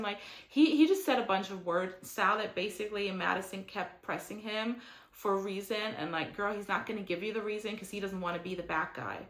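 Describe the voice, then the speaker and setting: A woman's voice: medium pitch, brisk, fairly bright tone. A young woman recaps a reality show in casual, opinionated chatter, leaning on "like" and slipping into mocking impressions of the cast. Her voice sits in a middle register. The recording carries a noticeable room echo. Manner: chatty and opinionated, heavy use of "like", mocking quotes in character.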